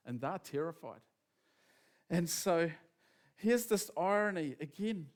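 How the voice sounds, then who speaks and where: A man preaching a sermon in a casual, animated storytelling manner, acting out quotes as he goes. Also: a little high.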